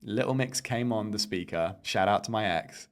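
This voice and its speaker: A man's voice: on the low side, normal speed. A young man on a podcast, rambling through a story with lots of quoted back-and-forth. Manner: rambling, animated retelling with quoted dialogue. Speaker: podcast co-host. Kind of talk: casual storytelling chat.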